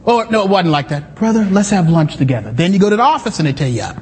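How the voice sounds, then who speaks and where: High-voiced animated preacher in a hall. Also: male voice, fast talker, slight background noise. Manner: animated, conversational preaching with asides and shouts. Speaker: pastor. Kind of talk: sermon. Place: church sanctuary.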